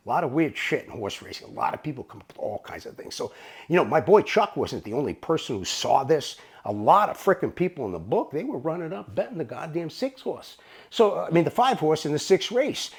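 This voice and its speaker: Gravelly, animated male storyteller. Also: high-pitched. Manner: animated, profane, rambling. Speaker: storyteller recounting his bookmaking days. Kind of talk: casual storytelling to camera.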